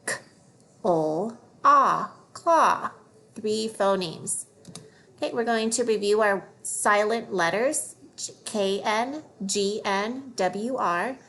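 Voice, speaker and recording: A woman teaching a phonics lesson to young children, slowly sounding out letters and words one by one. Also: medium pitch.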